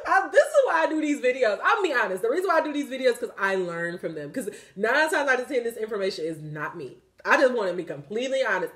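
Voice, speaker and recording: A woman giving a casual spiritual tarot reading, animated and profane, often laughing as she talks. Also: mid-range voice. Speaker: tarot reader.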